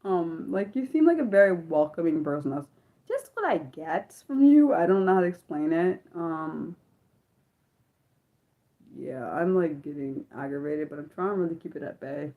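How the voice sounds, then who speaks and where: A woman's voice: low voice, animated, moderate pace, narrow, tinny audio. A young woman hosting an unscripted livestream, chatting in a rambling way with lots of filler words. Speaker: livestream host.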